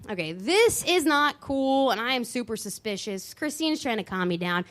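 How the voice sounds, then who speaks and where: A woman tells a story live on stage into a microphone, with a high, bright voice. She is animated, leaning on dramatic pauses and sudden shifts of voice. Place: dance studio venue, live show.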